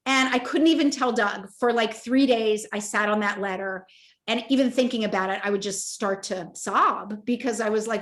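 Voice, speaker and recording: A woman in her fifties, an author telling a personal story in an emotional, animated way at a virtual interview event, acting out the voices in her story. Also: a little high, moderate pace. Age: 50s. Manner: animated, emotional, acts out quoted dialogue. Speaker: author and toy company co-founder. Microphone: video call.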